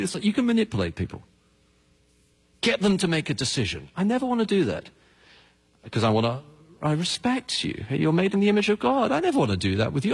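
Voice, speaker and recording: Man, pastor, sermon, animated pitch, husky voice, long reverb. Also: fast talker. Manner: passionate, emphatic preaching with repetitions. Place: church.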